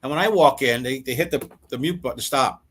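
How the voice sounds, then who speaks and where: Older male musician, interview guest; animated anecdotes, acts out other people's lines, many restarts. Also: mid-range voice, fast talker, slight background noise. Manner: animated storyteller who acts out quoted dialogue; frequent repeated words and restarts. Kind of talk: storytelling in a casual interview.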